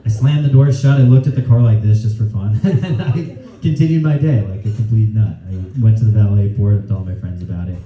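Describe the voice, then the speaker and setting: A young male stand-up comedian tells a story in a loose, rowdy way, speaking a little fast with few pauses in a lowish voice and often laughing mid-line. He's on a comedy club stage with a handheld mic before a live audience, and the recording sounds roomy, distant, and dull.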